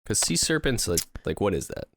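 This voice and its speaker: A man's voice: fairly low pitch, sing-song, a little fast, creaky, slight background noise. A man co-hosting a podcast in casual chat, hesitant and questioning. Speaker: podcast co-host.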